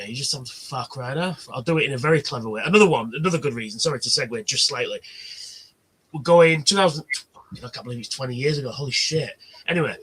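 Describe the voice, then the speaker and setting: A man hosts a casual livestream chat. His voice is bright and forceful, and he tells blunt stories peppered with swearing. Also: medium pitch, slightly rough. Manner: blunt storyteller, swears freely. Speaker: livestream host.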